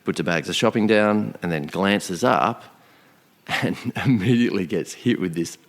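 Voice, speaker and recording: Man, low-pitched voice, casual storytelling, acts out quoted thoughts. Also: moderate pace. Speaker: podcast guest. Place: outdoor location.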